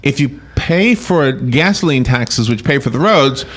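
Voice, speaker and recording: A man's voice: mid-range voice, lively intonation, unhurried, fairly bright tone. A man hosting a casual call-in radio show, chatty and laughing at his own stories.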